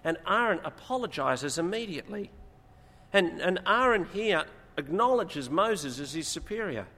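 A man's voice: high voice, normal speed. A man preaching a sermon and explaining scripture, his voice rising when he stresses a point. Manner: expository, rises in emphasis, animated retelling. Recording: long hall reverb, faint noise.

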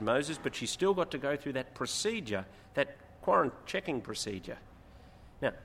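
A man preaching a sermon and explaining scripture, his voice rising when he stresses a point. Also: medium pitch. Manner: expository, rises in emphasis, animated retelling. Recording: long hall reverb, faint noise.

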